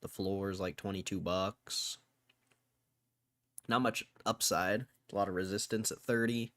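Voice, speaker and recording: A man's voice: deep voice, fairly even intonation, unhurried, fairly bright tone, dry recording. A man livestreaming stock market commentary, thinking aloud in a casual way and swearing freely as he mock-rants. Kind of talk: casual live-stream commentary.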